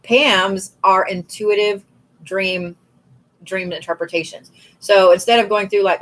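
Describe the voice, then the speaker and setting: A woman's voice: mid-range voice, fairly even intonation, measured pace, a bit bright, rough recording. A woman hosting a casual spiritual livestream, chatty and rambling with lots of fillers. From Tulsa, Oklahoma area. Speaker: spiritual reader and podcast host.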